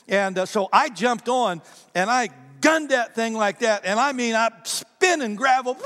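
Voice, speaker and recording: Guy preaching a story to the crowd, lively, repeats himself a lot, big reverby hall sound. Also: high-pitched. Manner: animated storyteller, repeats words, addresses the audience. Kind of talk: sermon storytelling.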